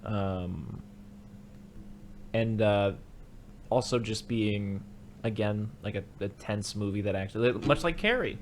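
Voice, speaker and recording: A man's voice: on the low side, takes it slowly, pauses often. A man hosting a casual movie podcast, talking loosely and acting out scenes by jumping his voice up for characters' lines. A faint hiss runs under the recording. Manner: animated, acts out characters' lines in raised voices. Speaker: podcast host.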